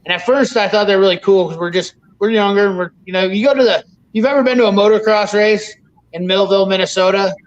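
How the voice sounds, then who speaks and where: Give me a high-voiced man in casual podcast chat, rambling and swearing, with a dull lo-fi sound. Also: fast talker. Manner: rambling storyteller, swears freely. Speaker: podcast host.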